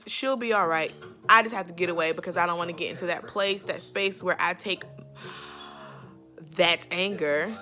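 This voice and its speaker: A woman's voice: on the low side, pushed and bright. A young woman, talking candidly in a casual faith vlog about motherhood, with lots of "like" and "you know.". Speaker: vlogger sharing faith and motherhood.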